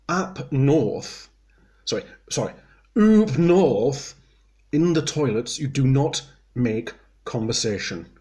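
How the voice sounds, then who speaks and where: A man giving a mock guide in a prim, genteel voice, dryly condescending and deadpan. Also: mid-range voice. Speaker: comedian presenting a mock guide. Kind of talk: deadpan mock instructional comedy.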